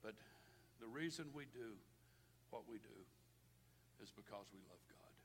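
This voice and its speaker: A man's voice: on the low side, expressive, measured pace. An older man preaching a sermon as pastor, impassioned and folksy, often repeating words. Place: church sanctuary. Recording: long hall reverb, faint noise.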